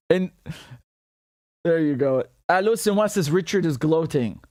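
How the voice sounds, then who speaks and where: A man's voice: fairly high pitch, expressive, takes it slowly, darkish tone, no echo, clean studio sound. A man hosting a casual livestream, talking loosely, laughing often and breaking into Arabic phrases. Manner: chatty, laughs often, mixes Arabic and English. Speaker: show host.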